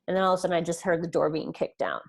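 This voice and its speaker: Earnest woman guest, slightly low voice. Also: very animated, rapid-fire, creaky. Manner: earnest, retells events with quoted dialogue. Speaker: podcast guest. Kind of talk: personal storytelling in an interview.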